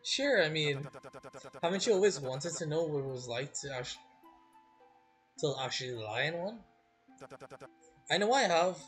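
A man reading game dialogue aloud as a soft-spoken, apologetic young man who makes coffins. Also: a little high, animated, normal speed, long pauses, soft background music. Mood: friendly.

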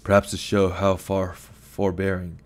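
A man narrating a short story in an even, unhurried audiobook style. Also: sits low.

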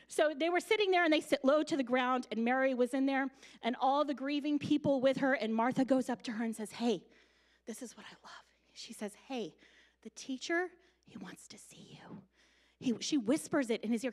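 Woman pastor preaching, high voice, chatty storyteller who acts out the quotes. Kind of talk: sermon. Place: church sanctuary.

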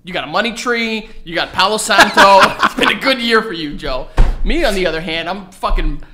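A young podcast co-host tells a rambling story in casual chat, swearing plenty and laughing along the way. His voice sits high and sounds bright and forceful, with expressive, fairly quick delivery.

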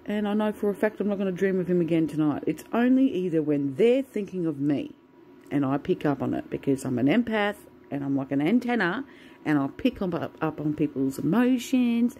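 A woman's voice: fairly low pitch, warm tone, slight background noise, poor audio. A woman venting in a casual, swear-filled monologue to the camera. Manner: swears a lot, ranting. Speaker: vlogger.

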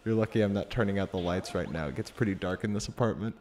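A man's voice: lowish voice, fast talker, darkish tone, slight background noise. A young man hosting a let's play, chatting casually, laughing often and guiding his co-player through the game. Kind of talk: casual gameplay chat.

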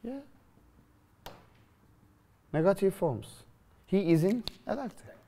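Guy with teaching a grammar class, fairly high voice, jumps around a lot in pitch, keeps asking "you understand?". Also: slow pace, gravelly. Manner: lively, questioning, repeats phrases to students. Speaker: English teacher.

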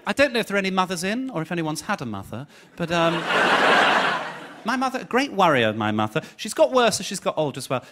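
A man, doing live stand-up comedy with camp, teasing banter and giggles at his own jokes. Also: fairly high pitch. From Birmingham, England. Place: theatre stage with laughing audience. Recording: noisy live audience recording.

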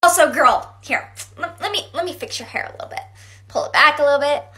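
A woman's voice: sits high, fairly quick, background noise, pitched below the performer's own voice, natural voice. A woman playing a dramatic teenage girl in a comedy skit, talking in a sassy, dramatic way. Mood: gushing. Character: dramatic teen girl hyping and scolding best friend.

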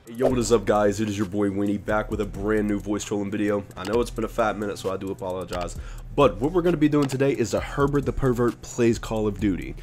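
A man's voice: on the low side, fast, a little mellow. A man hosting his own voice trolling video, talking in hyped, casual slang. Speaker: YouTube host. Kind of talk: energetic video intro. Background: faint music.

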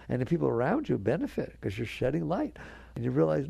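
A man's voice: fairly high pitch, sing-song, quick pace, creaky, mellow, breathy edge, dry recording. A man giving a spiritual talk to an audience, earnest and conversational, coaxing his listeners along. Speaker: spiritual teacher.

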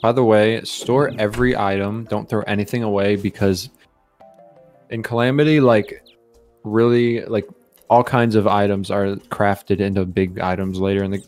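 A young man streaming a game live, chatting casually and excitedly while greeting his viewers. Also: lowish voice, moderate pace, soft background music.

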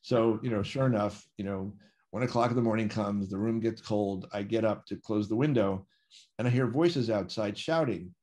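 A man telling a gripping first-person story in an animated, vivid way, acting out quoted dialogue. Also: on the low side, normal speed. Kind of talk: conversational storytelling.

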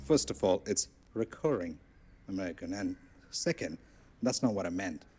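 An actor playing a pedantic trainer teaching a class and correcting students. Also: male voice, low voice, lively intonation, normal speed, warm tone, breathy edge. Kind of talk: classroom instruction.

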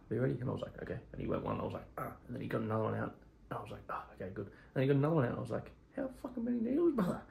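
A man's voice: lowish voice, creaky, slight background noise, low-quality recording. A man vlogging about his work as a cricket groundskeeper in a casual, rambling way, swearing freely and talking bluntly. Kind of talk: casual vlog monologue.

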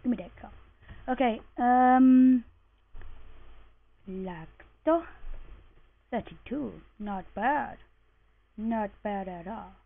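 A woman's voice: fairly high pitch, very slow, creaky, long pauses. A woman giving casual let's-play commentary, chatty and sleepy, muttering and swearing to herself as she plays. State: groggy, just woken up. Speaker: gamer commentating her play. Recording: tinny lo-fi mic.

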